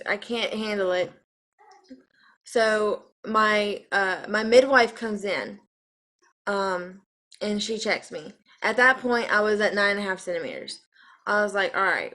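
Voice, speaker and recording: A young woman in her twenties from Arizona tells a personal story straight to the camera, in a casual vlog style. She rambles emotionally, with lots of fillers and restarts. Her voice sits at an ordinary middle pitch for a woman. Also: fairly bright tone. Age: 20s. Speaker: vlogger telling her birth story.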